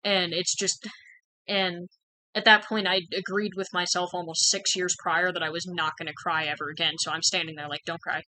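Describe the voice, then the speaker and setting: Young woman, candid personal story, frank chatty delivery, fairly low, bright tone. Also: flat delivery, moderate pace, no room sound, poor audio. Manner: frank and conversational, with many "like"s and "um"s. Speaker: channel host sharing personal experience.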